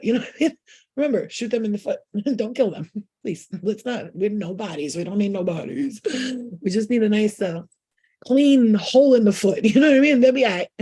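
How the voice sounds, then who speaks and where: Husky woman laughing through profane jokes. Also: medium pitch, mellow. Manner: profane, joking, laughs often. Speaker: spiritual channel host. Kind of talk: casual late-night live chat. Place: in bed at home.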